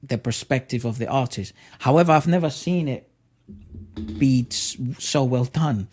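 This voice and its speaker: A man's voice: mid-range voice, a little slow, darkish tone. A man co-hosting a podcast in a casual discussion, reflective and searching for words as he asks probing questions. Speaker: podcast co-host.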